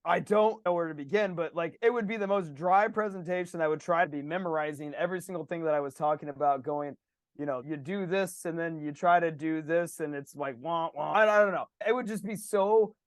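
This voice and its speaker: Brief: upbeat man in casual podcast chat, slightly high voice, dry close mic. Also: fairly quick, dry recording. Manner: energetic, animated storytelling with laughs. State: slightly sick. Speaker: podcast co-host.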